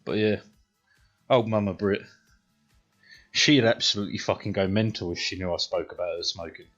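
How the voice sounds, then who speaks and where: A man's voice: on the low side, fairly even intonation, moderate pace, a bit bright. A British man in his thirties, a streamer rambling through profane personal stories and checking in with "right?" all the time. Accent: British English. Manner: rambling, heavily profane, says "right?" a lot. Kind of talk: casual storytelling while gaming. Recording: dull stream audio, faint music.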